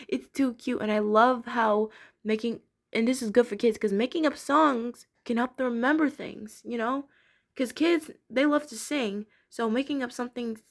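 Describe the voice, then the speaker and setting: A young woman casually reviewing a cartoon episode, chatty and giggly, with many fillers and restarts. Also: medium pitch.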